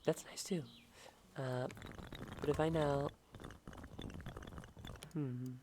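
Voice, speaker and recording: A young woman streamer talking softly in a murmuring ASMR voice as she plays a game. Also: deep voice, steady tone, background noise. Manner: slow, murmuring and drawn-out, with sudden delighted exclamations.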